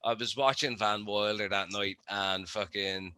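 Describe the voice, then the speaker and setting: A man with a very bright, sharp tone tells a rowdy, swearing anecdote and laughs through it. The sound is dry and close, with no room around it. It is casual panel chat. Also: on the low side, fairly even intonation, measured pace, no echo. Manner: laughing, profane anecdote-telling. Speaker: podcast panelist.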